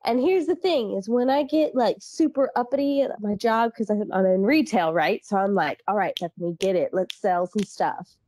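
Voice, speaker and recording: A woman from the Midwest with a Midwestern accent, co-hosting a podcast and telling animated stories with frequent laughter. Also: mid-range voice, normal speed, no room sound. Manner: animated storyteller, laughs often. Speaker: podcast co-host. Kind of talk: casual chat.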